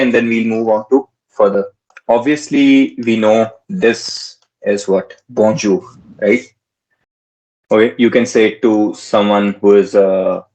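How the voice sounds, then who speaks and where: A man tutoring in a relaxed way, repeating words slowly and mixing in Hindi phrases. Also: lowish voice, low-quality recording. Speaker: French tutor. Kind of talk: casual teaching.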